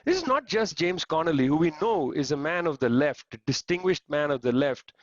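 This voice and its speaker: A man's voice: on the high side, animated, fairly quick, no echo. A man from India with a Punjabi accent, giving an emphatic, insistent political talk over a video call and repeating phrases for stress. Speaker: panel speaker. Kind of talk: political lecture. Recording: dull, lo-fi, dry video call audio.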